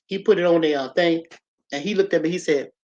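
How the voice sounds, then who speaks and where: Animated woman telling a story. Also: lowish voice, a little fast, muffled recording. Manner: animated, talks straight to listeners. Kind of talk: personal storytelling to an audience.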